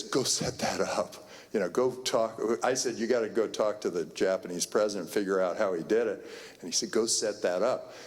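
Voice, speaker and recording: A man giving a keynote talk, telling a rambling anecdote full of fillers and restarts. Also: lowish voice. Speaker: keynote speaker. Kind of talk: conference keynote storytelling. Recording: long hall reverb.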